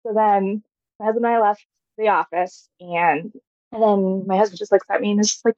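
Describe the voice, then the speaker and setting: A woman's voice: medium pitch, fairly even intonation, a little fast, darkish tone, no echo, dull audio. A woman in her thirties, a podcast guest, telling her personal story in a chatty, casual way, full of "like" fillers and frequent laughs. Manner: chatty, heavy use of "like" fillers, laughs often.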